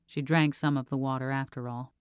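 Calm audiobook narrator, smooth voice, dry close recording. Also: mid-range voice, a little fast, no room sound. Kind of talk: scripted fiction narration.

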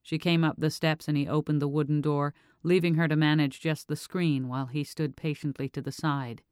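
An audiobook narrator reading fiction in a calm, even storytelling manner. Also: medium pitch, brisk, no echo, clean studio sound.

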